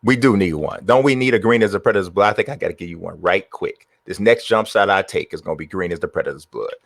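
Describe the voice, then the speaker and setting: A man's voice: sits low, fast talker, creaky, no room sound, clean studio sound. A man streaming gameplay, muttering and trash-talking his players as he plays. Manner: trash-talks the game, mutters to himself. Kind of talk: live gameplay commentary.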